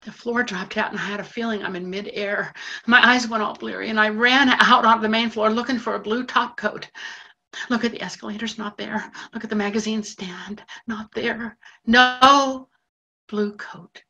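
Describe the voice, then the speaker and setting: A shy, lonely janitor. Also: female voice, fairly high pitch, steady tone, sharp tone, muffled recording. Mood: flustered. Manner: confiding, breathless rushes of feeling. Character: lonely middle-aged female station janitor, shy. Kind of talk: stage monologue in a theatre broadcast.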